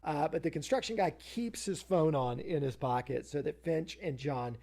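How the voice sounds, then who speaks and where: A man's voice: fairly high pitch, animated, moderate pace, vocal fry, a little mellow. A man co-hosting a podcast, recapping a TV episode in a casual, rambling way, full of fillers and self-interruptions. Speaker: podcast co-host.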